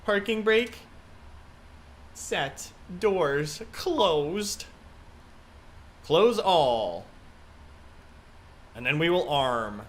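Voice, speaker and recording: A man's voice: fairly high pitch, lively intonation, drawn-out words, pauses often. A man live-streaming a flight simulator, chatting casually and thinking aloud as he works through checklists.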